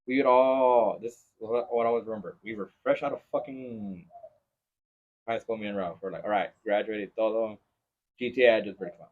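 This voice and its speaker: A man hosting a podcast in casual chat, mixing English and as he tells animated stories. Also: lowish voice, normal speed. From Mexico-Texas border region. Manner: switches between English and Spanish, animated storytelling. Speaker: podcast host. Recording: lo-fi podcast recording.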